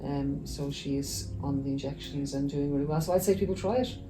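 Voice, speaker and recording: A woman's voice: low voice, brisk. A middle-aged Irish woman, a nurse, chatting casually in an interview and acting out conversations she has had. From Ireland. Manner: chatty, acts out quoted conversations. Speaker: nurse and former weight-loss patient. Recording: echoey room with faint music.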